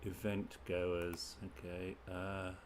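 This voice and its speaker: A man from the UK reads crossword clues aloud at an unhurried pace and mutters guesses in short bursts. His voice sits on the low side. Faint keyboard typing and room noise sit behind him at a home desk. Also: monotone. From United Kingdom. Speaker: streamer solving crosswords. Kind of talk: thinking aloud while solving.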